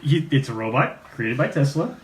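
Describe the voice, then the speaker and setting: A man co-hosting a podcast, explaining comics in a relaxed, meandering way. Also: mid-range voice, moderate pace, distant mic. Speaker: podcast co-host. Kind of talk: casual chat about comics. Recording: roomy room, faint noise.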